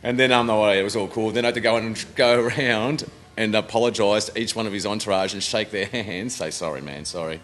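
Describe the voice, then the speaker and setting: A man's voice: on the low side, steady tone, a little fast, hardly any pauses, fairly bright tone, a little hiss or hum. A man in his thirties with an Australian accent, a band member rambling through anecdotes in casual chat and swearing freely. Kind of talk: casual storytelling.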